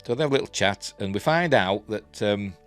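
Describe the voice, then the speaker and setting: A man with a Yorkshire accent and a low, deep voice talks through a TV episode at an easy ramble. He keeps reaching for "you know" and "um" between thoughts. Faint music plays quietly behind him. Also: animated, brisk. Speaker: TV episode reviewer. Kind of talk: casual spoken review.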